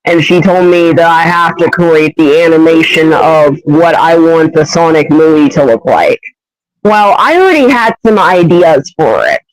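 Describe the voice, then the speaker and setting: Young adult male, hesitant rambling storyteller, fairly high, dry. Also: expressive, moderate pace, no room sound, low-quality recording. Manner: hesitant, rambling, many fillers. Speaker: fan voice actor. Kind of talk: rambling fan story pitch.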